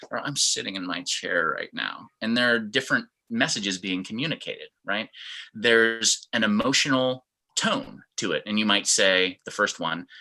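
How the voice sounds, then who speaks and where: A man's voice: on the low side, sharp tone, low-quality recording. A man teaching a fitness class over video, explaining step by step and acting out different tones of voice as examples. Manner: demonstrative, acts out tones of voice. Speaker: fitness instructor.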